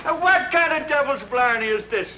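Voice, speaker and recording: A high-voiced, scornful Irishman in an old film, blustering and full of swings in tone. The sound is dull and lo-fi with a loud noise bed behind him. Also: lively intonation, brisk. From Ireland. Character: indignant Irish man, scoffing and blustery. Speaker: neighbor. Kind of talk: 1950s film acting.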